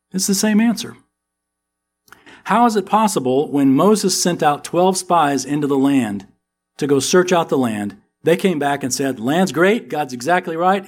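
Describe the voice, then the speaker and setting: A middle-aged American pastor delivers a sermon at an ordinary male pitch. He preaches with animated energy and pushes up into emphatic questions. His delivery is that of a practiced speaker addressing a congregation.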